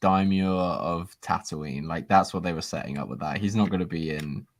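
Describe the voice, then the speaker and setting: A man with a notably low voice, arguing his points in a relaxed group chat. He pushes back firmly but laughs often. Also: moderate pace, vocal fry. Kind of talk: casual chat.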